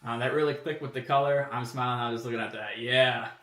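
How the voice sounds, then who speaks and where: A man casually talking through his car body kit designs on a live stream, relaxed and rambling, thinking out loud with plenty of fillers. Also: medium pitch, fast talker, recorded from a distance. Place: home workshop room. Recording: roomy, from away from the mic.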